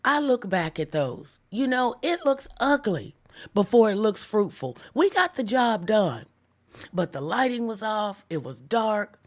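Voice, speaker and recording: A woman hosting a live devotional stream, talking casually with viewers and slowing down to stress key lines. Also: medium pitch, very animated. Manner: chatty, reads viewer comments aloud, slows down for emphatic lines. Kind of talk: casual livestream devotional preaching.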